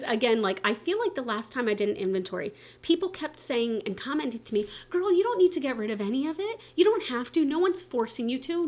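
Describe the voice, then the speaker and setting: A woman in her thirties, a beauty vlogger, chatting casually to camera, animated and full of filler words and playful asides. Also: fairly high pitch.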